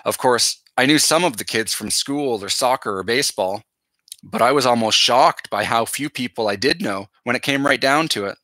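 Man reading a novel aloud, bright tone. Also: mid-range voice, moderate pace, no echo. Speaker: teacher.

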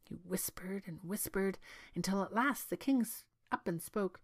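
A woman storyteller reading a storybook aloud in an expressive, lively way. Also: mid-range voice, moderate pace. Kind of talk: read-aloud storybook narration.

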